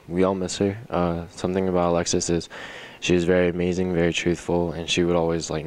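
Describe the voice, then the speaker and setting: A teenage boy giving a halting, heartfelt memorial tribute to a classmate, full of fillers. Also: sits low, darkish tone. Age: teens.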